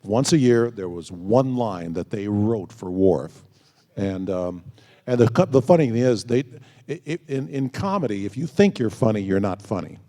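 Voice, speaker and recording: As a panel guest in a large convention hall, a man answers fans with storytelling, acting out quoted lines in his anecdotes. His voice is fairly low, animated and warm at normal speed, and the hall adds long reverb.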